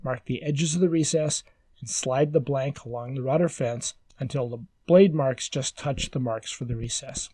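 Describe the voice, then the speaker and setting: A man giving calm, measured, step-by-step woodworking instructions as a scripted voice-over. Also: mid-range voice, breathy edge, dry recording.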